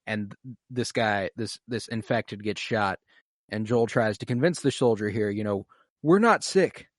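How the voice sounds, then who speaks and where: A man's voice: lowish voice, unhurried, no echo. Guy on a podcast gushing about a tv episode, swears a ton, dry close sound. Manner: animated, swears a lot, acts out scenes emotionally. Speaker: podcast co-host. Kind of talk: casual TV recap chat.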